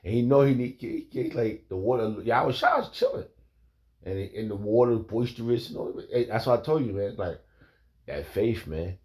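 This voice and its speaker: A man's voice: fairly low pitch, normal speed, mellow. A man preaching in a rambling, emphatic way, reading scripture and calling his listeners "man" and "bro". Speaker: informal preacher.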